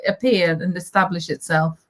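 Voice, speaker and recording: A woman's voice: on the low side, fairly even intonation, normal speed, fairly bright tone. A woman hosting a casual interview, reading out viewer comments and laughing often. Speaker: host.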